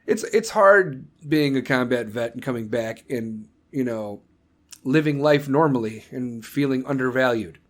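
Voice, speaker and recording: With a mid-range, expressive voice and a slightly slow delivery, this podcast host, an American combat veteran, rants alone on his show. Heavy profanity runs through it, and he uses mocking voices to quote others.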